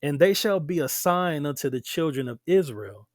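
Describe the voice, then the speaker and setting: A man's voice: a little high, animated, moderate pace, no echo, studio quality. A man teaching scripture aloud, reading verses and breaking in with emphatic, conversational asides to his listeners. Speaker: Bible teacher.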